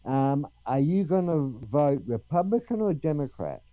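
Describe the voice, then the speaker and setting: A man's voice: fairly high pitch, sing-song, moderate pace. A man hosting a casual chat, teasing and asking a child questions. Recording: dull, dry sound.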